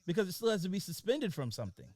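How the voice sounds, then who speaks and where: A man's voice: high-pitched, sing-song, rapid-fire, a little mellow, dry recording. A man co-hosting a morning radio show, laid-back and arguing his point in casual banter in a studio.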